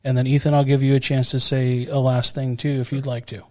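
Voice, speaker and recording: A man's voice: medium pitch, level tone, a little fast, a little mellow, no room sound. A man hosting a museum podcast, thanking his guest and wrapping up the show in a friendly way. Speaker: podcast host. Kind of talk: interview hosting and sign-off.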